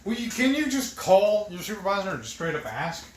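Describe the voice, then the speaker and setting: A man's voice: high-pitched, big pitch swings, fairly quick. Easygoing man in an echoey kitchen. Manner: easygoing, chatty, teasing. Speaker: co-host. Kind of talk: casual kitchen chat. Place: home kitchen. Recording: echoey room with faint background noise.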